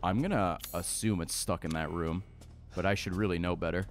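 A man's voice: deep voice, steady tone, fairly quick. A male streamer giving profane, jumpy commentary while playing a horror game, yelping when startled. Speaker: gaming streamer. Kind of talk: reactive gameplay commentary. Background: horror game music and sounds.

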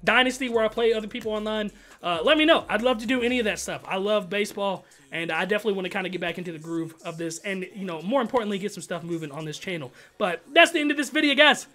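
High, bright-voiced excitable gamer guy. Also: fast talker. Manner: excitable, trash-talking, frequent outbursts; slangy, keeps saying bro and dog. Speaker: gaming YouTuber. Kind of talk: casual gameplay commentary.

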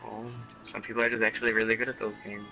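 A man's voice: on the low side, little pitch movement, racing, creaky, sharp tone, muffled recording, faint music behind. A man in casual game chat, earnest and a bit rambling as he explains things. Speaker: gamer chatting with friends.

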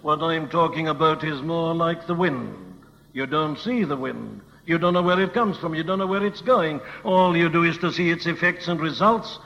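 Stern teacher figure played by a preacher, emphatic and rebuking, forceful bright delivery, old echoey recording. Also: male voice, a little high, moderate pace, vocal fry. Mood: explaining. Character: firm, rebuking religious teacher answering a skeptic. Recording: old dull recording in a reverberant hall.

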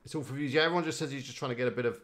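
On a live stream, a man who builds websites chats casually and rambles, greeting viewers by name. His mid-range voice is a bit bright, and he talks at a racing speed.

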